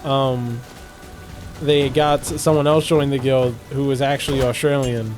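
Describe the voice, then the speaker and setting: A man's voice: flat delivery, measured pace, a little mellow, faint music behind. A man telling a long story in casual chat while gaming, laughing often and rambling. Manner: rambling storyteller, laughs often, mimics people in higher voices. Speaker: co-host. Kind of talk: casual chat during gameplay.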